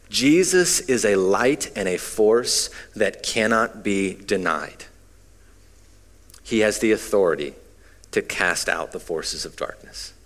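A man in his thirties preaching a relaxed, conversational sermon with stories and frequent fillers. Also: on the low side. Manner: casual, self-deprecating, frequent fillers. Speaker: pastor. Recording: long hall reverb.

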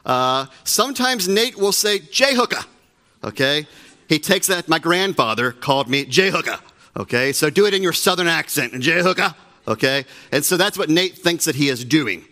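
A man's voice: fairly high pitch, lively intonation, moderate pace, sharp tone. A middle-aged man preaching a sermon from a church pulpit, chatty and joking with the congregation. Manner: joking, conversational, self-deprecating asides. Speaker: pastor. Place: church sanctuary.

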